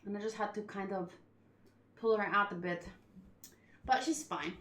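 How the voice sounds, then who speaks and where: A woman's voice: medium pitch, fairly even intonation, moderate pace, fairly bright tone, echoey room, a little hiss or hum. A woman hosting a casual manga read-along at home, chatty and rambling as she tells a story. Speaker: channel host. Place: room at home.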